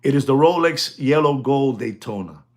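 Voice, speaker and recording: A man selling watches in a casual, rambling talk, often calling out to ladies and gentlemen and laughing as he goes. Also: mid-range voice, expressive, moderate pace. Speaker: watch dealer. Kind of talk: casual chat.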